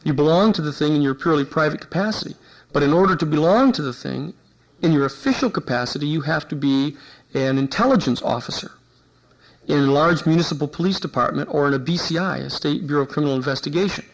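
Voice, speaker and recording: A man lecturing at a university with a gravelly, slightly raised voice. He tells his story in an animated way and slips into the voices of the people he quotes. His delivery is lively and conversational rather than read from a script. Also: a little high, fast talker, low-quality recording. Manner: animated anecdote-telling, acts out quoted speech. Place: lecture hall.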